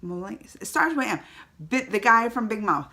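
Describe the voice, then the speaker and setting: Chatty woman with a bright voice. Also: medium pitch, sing-song, fairly quick. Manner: chatty and emotional, tearing up then laughing. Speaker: movie reviewer. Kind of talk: casual vlog movie review.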